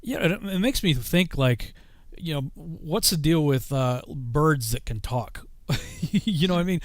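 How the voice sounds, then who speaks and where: Casting: talkative middle-aged male host, slightly high voice, dry close mic. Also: lively intonation, measured pace, no room sound. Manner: rambling, many restarts, laughs while telling stories. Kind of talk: casual interview chat.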